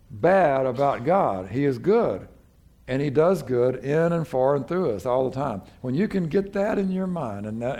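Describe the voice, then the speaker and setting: A man's voice: mid-range voice, dark tone. A man, preaching a sermon as pastor in a folksy, conversational way with frequent restarts.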